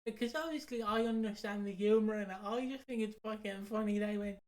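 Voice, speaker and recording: A man's voice: high-pitched, a little fast. A man co-hosting a podcast, telling stories in a casual, swearing style and laughing often. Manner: laughing, swearing, animated storytelling. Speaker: podcast co-host. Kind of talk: casual chat.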